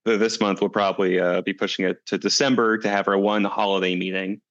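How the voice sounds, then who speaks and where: A man with a low voice answers interview questions in a calm, reflective way and tells a parable at an unhurried storyteller's pace. The recording is dry and a little dull, with no room sound. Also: no echo. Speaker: guest, climate coalition director.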